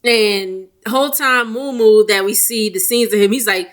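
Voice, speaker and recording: A woman chatting casually as she recaps a reality show, quoting the cast and laughing often. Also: medium pitch. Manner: chatty, laughs often, quotes people in quick voices. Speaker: recap vlogger.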